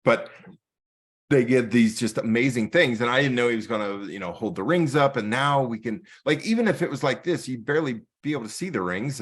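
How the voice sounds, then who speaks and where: Low-voiced man telling photography stories. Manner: storytelling with acted-out dialogue. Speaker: guest speaker, photographer. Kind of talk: casual presentation.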